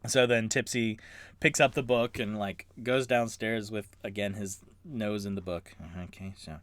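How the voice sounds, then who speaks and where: Streaming live from his room at home, this man serves as dungeon master and solo player, narrating a tabletop game. His voice sits on the low side and his pace is measured, recorded dry, and he is animated and rambling as he talks to his chat.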